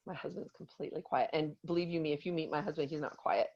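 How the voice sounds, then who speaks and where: A woman in her forties telling a lively personal story in a motivational talk to her team, acting out what she said. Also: deep voice, fast talker, dull audio. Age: 40s. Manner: animated storytelling, acts out quotes.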